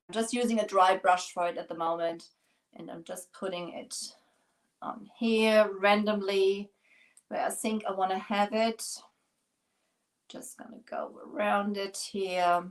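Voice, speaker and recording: A woman with a German accent talks her viewers through a live craft project. Her pitch sits mid-range, and she chats loosely and warmly, pokes fun at herself and keeps going as she works. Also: fairly even intonation, measured pace, pauses often, poor audio. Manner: chatty, rambling, self-deprecating. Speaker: craft stream host.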